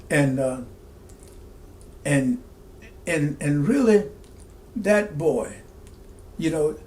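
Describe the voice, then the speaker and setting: A middle-aged man who serves as a pastor tells a personal story in a halting, reflective way, full of fillers and restarts. His voice sits somewhat high for a man. Faint noise hums under the recording. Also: darkish tone.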